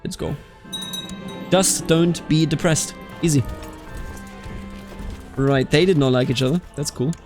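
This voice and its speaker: A Bavarian man hosts a strategy game let's play, his voice on the high side and a little slow, with frequent pauses over soft background music. He chats casually and reads game events aloud. He's animated, prone to exasperated outbursts, and calls people "dude."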